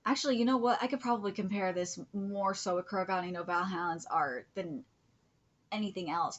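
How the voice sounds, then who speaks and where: A woman streaming a live manga reaction, gushing, cursing freely and often dropping into breathy whispers. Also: medium pitch, a little fast. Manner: gushing, swears a lot, drops into whispers.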